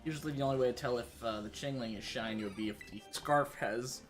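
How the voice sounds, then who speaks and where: Over soft background music, a weary livestreaming gamer talks fast in a medium-pitched voice. He rambles through casual gameplay commentary full of fillers and restarts, slipping into a fake British-sounding accent.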